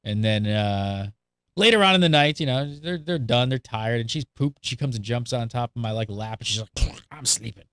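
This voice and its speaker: Animated man telling a story, bright voice. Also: medium pitch, normal speed, smooth, no room sound, clean studio sound. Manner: animated storyteller acting out quotes. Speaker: show host. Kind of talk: casual podcast chat.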